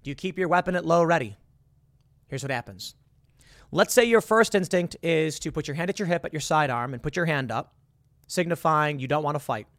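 Man, fairly high voice, earnest monologue host, bone-dry close recording. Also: a little fast, fairly bright tone, dry recording. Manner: earnest, repetitive, rhetorical questions. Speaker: commentator. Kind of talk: casual monologue with hypotheticals.

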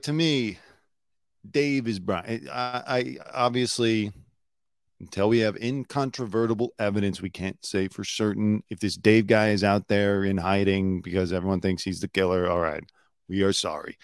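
A man's voice: lowish voice, clear, resonant tone, dry recording, studio quality. A man hosting a podcast, chatting casually about a crime case and rambling with frequent restarts. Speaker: podcast host. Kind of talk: casual true-crime commentary.

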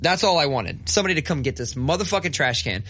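A man's voice: fairly high pitch, sing-song, fast talker, a bit bright, breathy edge, no room sound, faint music behind. A man co-hosting a podcast, telling a long story in casual chat, swearing a lot and ranting with mock outrage. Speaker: podcast co-host.

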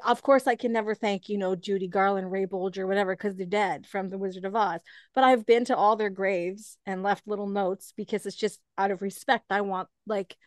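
A woman's voice: mid-range voice, no room sound, studio quality. A young woman hosting an interview over a video call, talking in a gushing, chatty way full of fillers. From Canada. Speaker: host. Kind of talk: casual interview chat.

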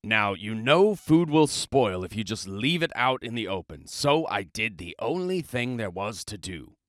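A man's voice: on the low side, sing-song, a little slow, no echo, studio quality. A man reading a children's book aloud, telling it in first person in a chatty, self-justifying way. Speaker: storybook reader.

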